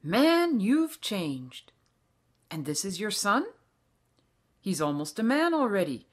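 A woman's voice: mid-range voice, very animated, slow pace, voice pushed up. Woman voicing a hearty exclaiming farmer. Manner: loud, exclaiming. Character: wary farmer man, then hearty old friend.

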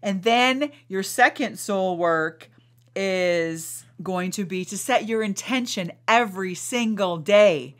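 A woman who hosts a podcast, guiding a slow, soothing meditation and then coaching her listeners with emphatic encouragement. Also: medium pitch. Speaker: podcast host and life coach. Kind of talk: guided meditation and coaching talk.

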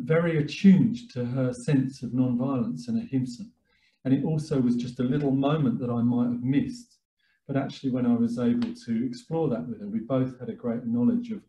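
Calm, reflective male presenter. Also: medium pitch. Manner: calm, reflective, with frequent fillers and restarts. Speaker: webinar presenter, therapist. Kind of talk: talk. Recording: echoey room.

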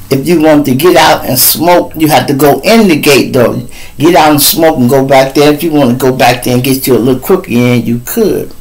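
Gravelly Chicago man telling stories. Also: a little high, poor audio. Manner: laid-back, crude, talks straight to the listeners. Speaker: show host. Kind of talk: storytelling talk show.

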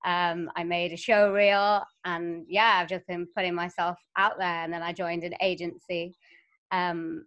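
Brief: young woman from Wales, voiceover artist and singer, mid-pitched, chatty and upbeat guest. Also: fairly bright tone, lo-fi sound. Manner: chatty, upbeat, laughs often. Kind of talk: casual interview chat.

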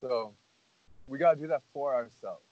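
A man's voice: mid-range voice, normal speed, darkish tone, no room sound. Rambling earnest man, dull lo-fi sound. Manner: rambling, earnest, heavy on "like" and "you know". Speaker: podcast host. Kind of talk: casual podcast chat. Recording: dull lo-fi audio.

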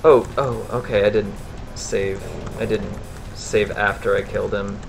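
A man's voice: lowish voice, steady tone, a little slow, vocal fry. A man casually commenting on his own game stream, often breaking into exasperated swearing when things go wrong. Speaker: gamer streaming a playthrough. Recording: game music and sounds behind.

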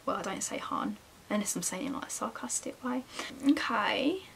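Whispering in a mid-range voice with huge pitch swings, a young vlogger chats at normal speed while browsing online shops, her voice creaky with a breathy edge. Wrapped in a jacket against the chill, she talks to herself and her viewers in a talkative, self-mocking way.

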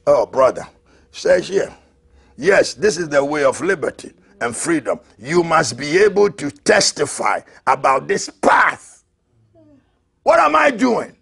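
A man preaching a fiery sermon as an apostle, who shouts, repeats his lines and laughs between them. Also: on the high side, very animated, a little slow, creaky, slightly rough.

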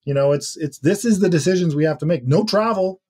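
A man's voice: a little high, brisk, a little mellow, a little hiss or hum. A man co-hosting a current-events podcast in casual, rambling chat. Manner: conversational, rambling with restarts and asides. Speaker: podcast co-host.

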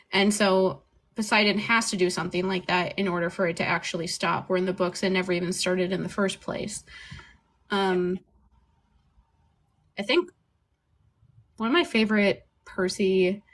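A woman's voice: lowish voice, a bit bright. Casual rambling woman podcaster. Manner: rambling, laughs often, swears casually. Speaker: podcast co-host.

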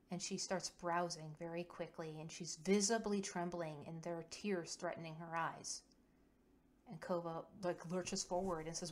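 A woman's voice: low voice, fairly even intonation, unhurried. A woman narrating a tabletop game story in an earnest, detailed way.

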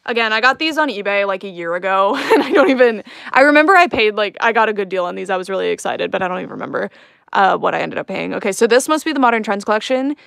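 A young woman, a doll collector, chats casually on a live stream from a room at home while unboxing dolls, rambling and giggling with plenty of fillers. Her voice is medium-pitched, animated, fast, creaky, and fairly bright, recorded with clean studio sound and no room sound.

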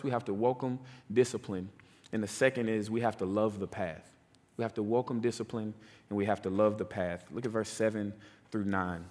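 A man preaching a sermon in a conversational way, often checking in with "right?" and "like". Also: mid-range voice. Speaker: pastor. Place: church sanctuary. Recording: long church hall reverb.

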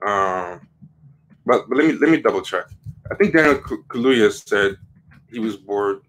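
A man's voice: fairly low pitch, expressive, moderate pace, a bit bright. A man hosting a casual commentary livestream, rambling with many fillers and restarts as he reads quotes aloud from the web. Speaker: livestream host.

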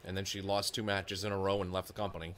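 A man with a fairly low voice talks loosely over a match as he watches it. He thinks out loud and wanders into asides, with plenty of "um" and "like" along the way. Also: level tone, fairly quick. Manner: chatty, thinks aloud with fillers and asides. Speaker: wrestling reaction streamer. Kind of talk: casual live reaction commentary.

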